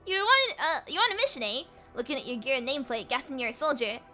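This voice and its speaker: Gruff old Southern man, put on by a woman reading aloud, folksy and rough-mouthed, swoopy delivery. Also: sits high, very animated, fast talker, bright, forceful tone, soft background music, heavily acted. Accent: put-on American Southern. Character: gruff old male scavenger with a drawl.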